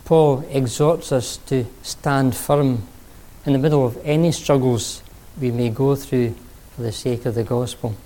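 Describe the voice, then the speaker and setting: A man preaching a sermon, telling a story and then speaking earnestly, sometimes pausing to rephrase. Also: mid-range voice, dark tone.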